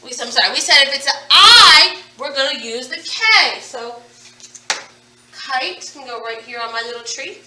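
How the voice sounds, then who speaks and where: High, bright teacher in an echoey room. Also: female voice, animated, far from the mic, a little hiss or hum. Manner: slow, drawn-out teacherly prompting. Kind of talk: recorded phonics lesson.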